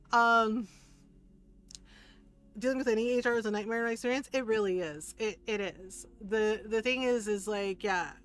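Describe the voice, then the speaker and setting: A woman's voice: mid-range voice, fairly bright tone, clear, resonant tone. A middle-aged woman streamer chatting casually with viewers, telling a story animatedly, quoting others and laughing often.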